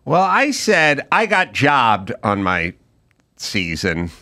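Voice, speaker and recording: A man's voice: medium pitch, slow pace. A middle-aged man hosting a podcast, telling a story in casual chat and acting out the people in it. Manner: animated storyteller, acts out quoted people. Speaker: podcast host.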